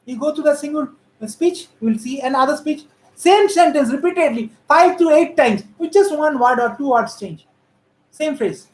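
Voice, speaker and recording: A woman's voice: high voice, lively intonation, normal speed. A woman giving critical, emphatic political commentary on how politicians speak. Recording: roomy echo.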